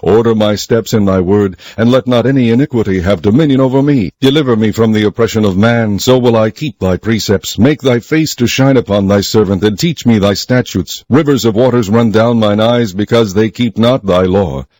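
A man giving a solemn, measured scripted reading of scripture. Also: on the low side, darkish tone, no room sound. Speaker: scripture reader.

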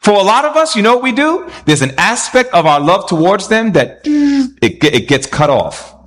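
Male preacher, fairly high voice, animated sermon delivery with rhetorical questions. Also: normal speed.

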